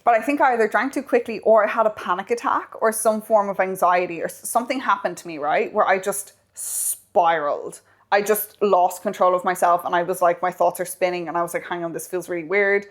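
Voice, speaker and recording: A woman co-hosting a chatty podcast, recounting a story with lively, animated delivery and a mid-range voice. She acts out the other people's lines as she goes and drops casual swears. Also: medium pitch, fairly quick. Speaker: podcast co-host.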